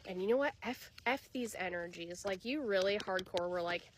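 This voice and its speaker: A woman talks through a tarot spread for an unseen viewer in a loose, chatty way, cursing without a second thought and breaking into animated asides. Her voice sits in an ordinary middle register. A light hiss of background noise runs under the recording. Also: mid-range voice, normal speed. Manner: casual, blunt, swears freely; animated, bursts of laughter and acted asides. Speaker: tarot reader. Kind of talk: channeled tarot reading, addressing viewer.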